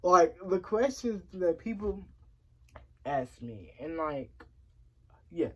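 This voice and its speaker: A woman's voice: fairly low pitch, big pitch swings, slow pace, fairly bright tone, slightly rough, muffled recording. A woman talking candidly to camera, frustrated and repeating words for emphasis. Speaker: vlogger. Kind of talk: casual personal vlog talk.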